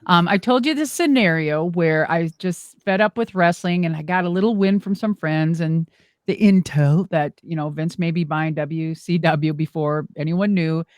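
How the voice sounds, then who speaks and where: A middle-aged woman telling stories in an interview in a lively, rambling way, acting out the voices she quotes and swearing casually. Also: lowish voice, moderate pace, dry recording, studio quality. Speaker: guest, former wrestler and monster truck driver.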